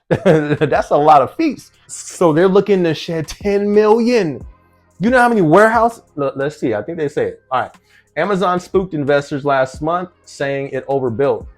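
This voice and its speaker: A man's voice: fairly high pitch, lively intonation, normal speed, soft background music. A man from New Jersey talking casually to camera, reading out a news article and reacting to it with rhetorical questions and frequent laughs. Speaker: vlogger.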